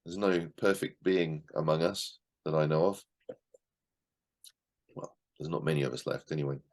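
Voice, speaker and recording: A man's voice: very deep voice, moderate pace. A middle-aged man leading an online class discussion of a book, in a conversational way, repeating words and acting out short quotes. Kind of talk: casual teaching talk to an online class.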